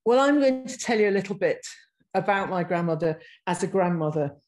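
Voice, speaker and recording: A woman, giving a reflective talk over a video call and reading passages aloud, with halting phrasing and frequent restarts. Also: medium pitch, expressive, darkish tone, poor audio. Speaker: guest speaker.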